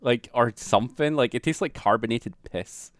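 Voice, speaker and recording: A man's voice: medium pitch, normal speed, no echo, clean studio sound. A man giving rambling, jokey commentary while reacting to a video. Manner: rambling, filler-heavy, jokey.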